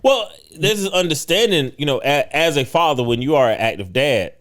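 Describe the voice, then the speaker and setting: Co-hosting a casual podcast, a man speaks in an emphatic, preachy way and leans heavily on "right?" to check in. His voice is a little high, expressive, and fairly bright, and he talks briskly.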